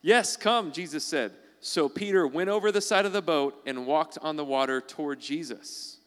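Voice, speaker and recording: Conversational male pastor, smooth voice. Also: on the high side, normal speed, in a large hall. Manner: conversational, acts out quoted voices. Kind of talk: sermon.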